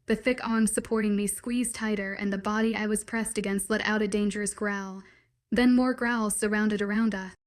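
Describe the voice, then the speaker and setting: A woman narrating a first-person fantasy story with a measured, dramatic delivery. Her voice sits at an everyday mid pitch. She reads like a steady storyteller. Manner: measured, dramatic inner monologue.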